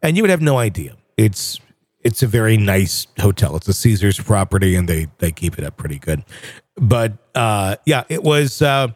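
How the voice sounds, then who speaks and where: A man co-hosting a casual chat show, telling stories in an animated way and breaking into impressions and swearing. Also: lowish voice, normal speed, dry recording. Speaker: podcast co-host.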